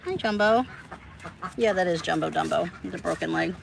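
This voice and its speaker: A woman on her duck farm chats to viewers and to her birds, her voice lifting high whenever she coaxes them. She is recorded outdoors by the pens with faint noise behind her. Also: normal speed, vocal fry. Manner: chatty, talks to her ducks in a high coaxing voice. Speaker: duck keeper. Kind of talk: casual farm vlog talk.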